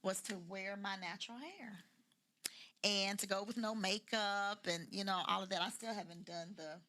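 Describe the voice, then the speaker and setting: A woman's voice: mid-range voice, steady tone, moderate pace, sharp tone. An older woman from Louisville with a Kentucky country twang and a soothing voice, chatting as a podcast guest in a folksy way and repeating phrases for emphasis. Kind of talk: casual chat.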